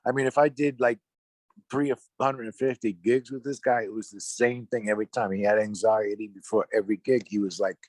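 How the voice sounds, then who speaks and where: A man with a deep, low voice tells road stories from his music days, jumping into other people's lines as he goes. He is talking over a video call, and the sound is dry and close, with no room around it. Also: fairly even intonation, a little fast, darkish tone, dry recording. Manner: chatty anecdote teller, acts out others' lines. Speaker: musician guest. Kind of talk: casual storytelling on a video call.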